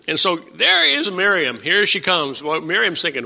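A man's voice: fairly high pitch, very animated, moderate pace, gravelly, few pauses, sharp tone, in a large hall, dull audio. A man preaching a casual, conversational sermon, asking his congregation questions as he teaches.

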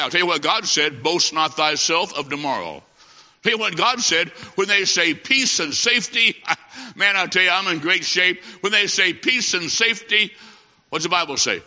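His fairly high, bright voice carries a forceful tone as he preaches a revival sermon. After telling a story, he calls out to the congregation with repetitive, emphatic phrases, captured in dull audio with a long hall reverb.

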